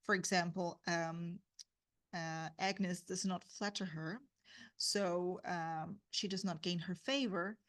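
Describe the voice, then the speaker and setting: A woman teaches a guided reading lesson on a classic novel. She talks in a fairly low voice, thinking aloud with fillers and frequent checks on her listeners. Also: fairly even intonation, slow, a bit bright. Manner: explains with fillers and rhetorical "right?". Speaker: literature teacher.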